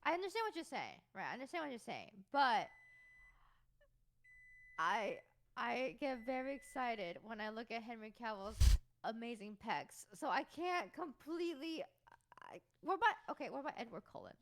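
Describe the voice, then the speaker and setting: Excitable high-voiced young woman guest. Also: normal speed. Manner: excitable, teasing, loud outbursts. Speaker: guest streamer. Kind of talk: casual podcast chat.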